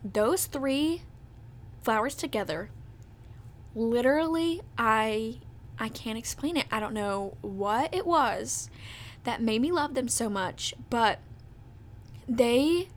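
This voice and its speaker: A woman's voice: on the high side, lively intonation, slow pace, long pauses. A woman in her twenties hosting a podcast, chatting casually and bubbly, full of "like" and "literally". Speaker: podcast host. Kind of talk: casual chat.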